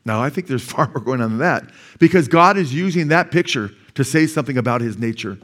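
A man's voice: mid-range voice, lively intonation, brisk, fairly bright tone. A man, a pastor, preaching a conversational sermon and often checking in with the congregation. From United States. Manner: conversational preaching, asks the congregation "right?" and "amen?".

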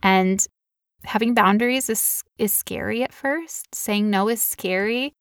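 A woman's voice: medium pitch, a little slow, clear, resonant tone, no room sound, studio quality. A woman in her thirties, co-hosting a podcast and telling personal stories in a candid, confessional way with frequent "like" fillers. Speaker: podcast co-host. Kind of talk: personal storytelling in casual chat.

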